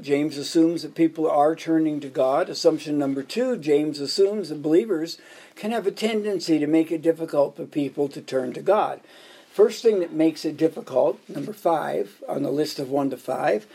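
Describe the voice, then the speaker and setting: A man's voice: on the high side, warm tone, breathy edge. A man preaching a sermon, telling joke anecdotes and counting off his points in order. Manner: jokey storytelling, counting off points. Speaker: pastor.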